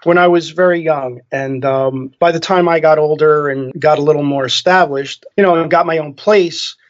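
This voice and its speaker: A man's voice: fairly high pitch, steady tone, normal speed. A middle-aged man from New Jersey, a dog groomer chatting casually on a podcast and telling stories about his childhood. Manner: storytelling, laughs while talking. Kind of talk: casual chat. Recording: dull lo-fi sound.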